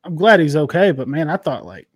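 A man's voice: a little high, sing-song, a little fast, husky. A man co-hosting a sports podcast, joking and teasing in casual, profane chat. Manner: joking, teasing, swears freely. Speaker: podcast co-host.

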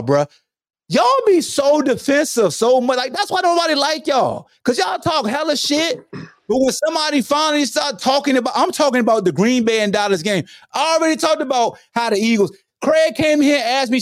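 A man's voice: high-pitched, no echo, clean studio sound. A man hosting a sports podcast, ranting about a playoff game in a profane, preachy way and calling out chat members by name. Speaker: podcast host. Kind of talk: animated sports talk rant.

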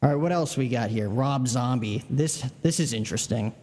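A man's voice: medium pitch, moderate pace, a little mellow, in a large hall. A man hosting a podcast, moving things along with short, upbeat prompts. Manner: brief, upbeat reactions and prompts. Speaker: podcast host. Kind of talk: casual podcast chat.

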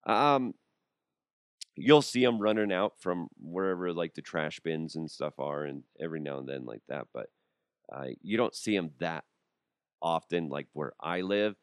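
A man in his thirties from Colorado hosts a casual solo podcast, rambling, joking and restarting his sentences, his voice worn from being sick. He speaks low and at a measured pace. The studio sound is clean, with no echo.

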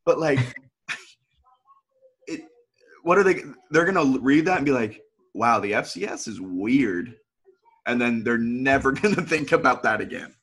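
Husky guy on a sports podcast, earnest casual rambling, lots of "like". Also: mid-range voice, expressive, unhurried, long pauses, fairly bright tone. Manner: talkative, earnest, many "like" fillers. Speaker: podcast co-host. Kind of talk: casual chat.

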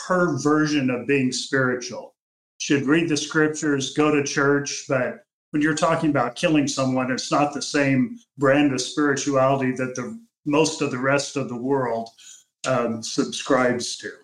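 An older man speaking as a podcast guest, measured and reflective, often restarting his sentences. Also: medium pitch, steady tone. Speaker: podcast guest, uncle of the family. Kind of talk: reflective interview talk. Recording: echoey room.

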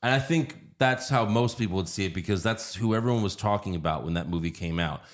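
A man with a fairly low voice talking through a casual movie podcast. He rants with plenty of swearing and jumps into brief mocking impressions. He sounds like a man in his thirties. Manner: profane, animated, mimics actors in quick bursts. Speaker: podcast co-host. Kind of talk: casual movie review chat.

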